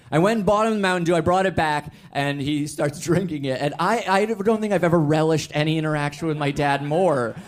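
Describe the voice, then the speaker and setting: A young man telling a personal story on stage, wry and rambling, full of restarts and fillers. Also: a little high. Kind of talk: live storytelling.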